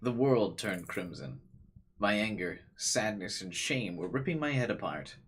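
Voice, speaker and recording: A man reading a frightened teenage boy's inner monologue aloud, slow and grim, with a lively, low voice. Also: husky, heavily acted. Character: frightened teenage boy narrating his ordeal.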